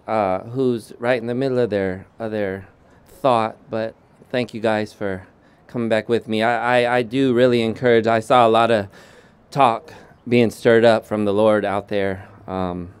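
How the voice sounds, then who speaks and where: A man preaching a sermon as pastor, slow and deliberate, often restarting his sentences. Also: fairly low pitch, level tone, clean tone.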